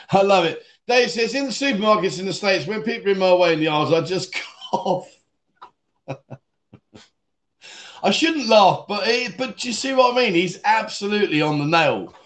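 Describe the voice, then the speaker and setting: Chatty livestream host with a raised voice. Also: male voice, high-pitched, very animated, normal speed, pauses often, a bit bright. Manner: rambling, chatty, laughs often, calls viewers mate. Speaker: livestream host reading viewer comments. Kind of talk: casual livestream chat. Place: Pattaya, Thailand.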